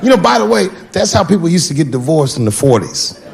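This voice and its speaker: A man performing stand-up comedy, telling stories in an animated way with sudden shouted bursts. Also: on the high side, fast talker, gravelly.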